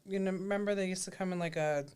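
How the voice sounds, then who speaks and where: A woman's voice: lowish voice, fairly even intonation, fast, darkish tone, smooth. A woman co-hosting a casual live stream, chatty and telling a childhood story. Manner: chatty, laughs easily, tells stories. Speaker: livestream co-host.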